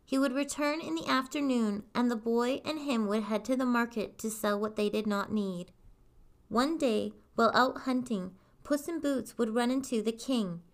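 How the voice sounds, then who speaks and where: A woman's voice: a little high, moderate pace. Woman reading a fairy tale aloud. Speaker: storyteller.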